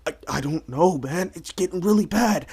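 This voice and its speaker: A woman doing an impression of a frightened man who pleads with his friends in a low mumble. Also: lively intonation, moderate pace, warm tone, breathy edge. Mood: panicky.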